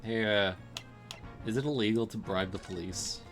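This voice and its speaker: A man's voice: lowish voice, normal speed, a bit bright, faint music behind. A man streaming a video game, making casual joking asides between the dialogue he reads aloud.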